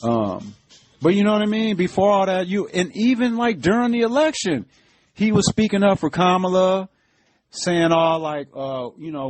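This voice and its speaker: A man's voice: high-pitched, lively intonation, moderate pace, a little mellow. A middle-aged man hosting a podcast, giving casual political commentary in an emphatic, profane, conversational way, with many fillers like "you know what I mean". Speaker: podcast host.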